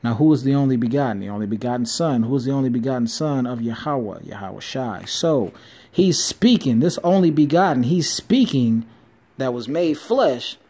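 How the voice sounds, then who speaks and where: A man giving an informal bible teaching, reading verses slowly and then explaining them with quick asides and self-corrections. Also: mid-range voice, expressive, mellow. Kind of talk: informal scripture teaching video.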